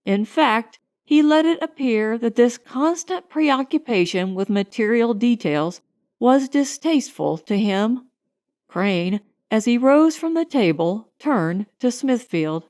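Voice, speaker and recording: A woman narrating a light romantic comedy audiobook in an expressive, unhurried storytelling manner. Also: fairly high pitch.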